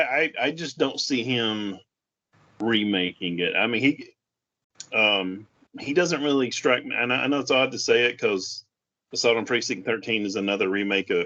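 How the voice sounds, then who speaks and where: A man with a lowish but bright, forceful voice talks casually about films on a podcast. He speaks haltingly, stopping and restarting his thoughts. The audio is somewhat dull and lo-fi. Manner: halting, with many restarts and fillers. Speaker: podcast co-host. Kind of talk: casual film discussion. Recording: dull lo-fi sound.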